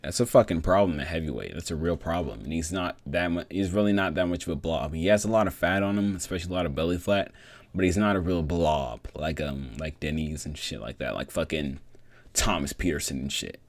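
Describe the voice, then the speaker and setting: A young man with a very deep voice talks through fights in a loose, rambling vlog, swearing freely and getting worked up. His voice sits close and dry on the mic with no room around it. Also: fairly quick, dry recording. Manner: profane, rambling, excitable. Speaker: MMA vlogger. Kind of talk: casual fight breakdown.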